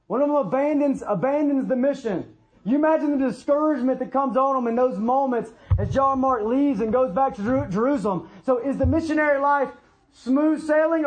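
High-voiced man preaching a sermon. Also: rough recording. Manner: repeats key phrases for emphasis, asks rhetorical questions. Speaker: pastor.

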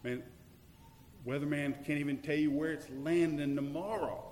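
A man preaching a sermon, swinging from loud declarations to hushed, searching questions. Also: fairly high pitch, steady tone, normal speed, slight background noise. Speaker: pastor. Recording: echoey hall with long reverb.

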